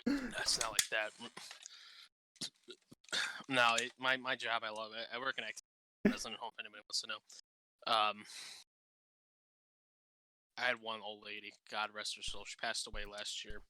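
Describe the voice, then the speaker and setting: A man's voice: fairly low pitch, moderate pace, long pauses, bright, forceful tone. A man co-hosting a podcast in casual chat, telling profane, joking stories and acting out the people in them. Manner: profane, joking storyteller who acts out quotes. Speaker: podcast co-host.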